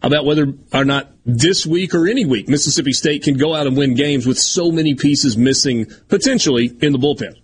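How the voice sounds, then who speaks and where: A man hosting a sports talk radio show, chatting casually and tossing in quick asides. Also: fairly high pitch, a little hiss or hum.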